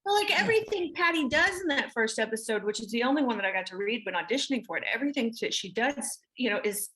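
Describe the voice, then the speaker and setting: Bright-voiced Southern actress in interview. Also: female voice, on the high side, expressive, fast talker, slight background noise. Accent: Southern American. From American South. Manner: chatty, many restarts and fillers. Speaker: actress guest. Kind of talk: interview answers.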